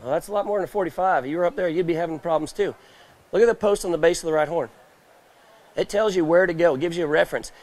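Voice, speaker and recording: A man's voice: a little high, quick pace, darkish tone. A man gives a live roping demonstration on a trade show stage, quizzing the crowd and acting out scenes in a folksy way.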